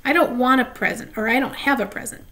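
A woman's voice: fairly high pitch, fairly even intonation, fast talker, pushed and bright, pitched above the performer's own voice. A woman voicing a haughty, insistent second-grade girl in a storybook reading. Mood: indignant.

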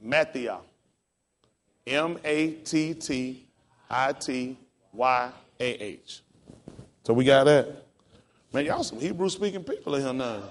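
A pastor teaches a class in a relaxed, encouraging manner, spelling words out letter by letter. His medium-pitched male voice is expressive and slow, with long pauses.

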